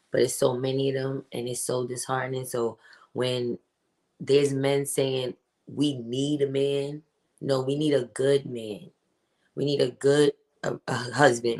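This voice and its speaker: A woman with an unusually deep voice hosts a casual livestream. She talks in a chatty, emphatic way and greets chat viewers by name as she goes. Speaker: podcast host reading live chat.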